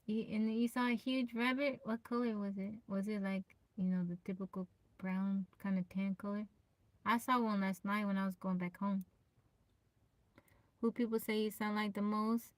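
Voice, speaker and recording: A woman with a soft, naturally low voice chats casually with viewers on a live stream, greeting them by name and laughing often. She pushes to project over her quiet tone. The sound is close and dry. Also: steady tone, moderate pace, no room sound. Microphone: phone.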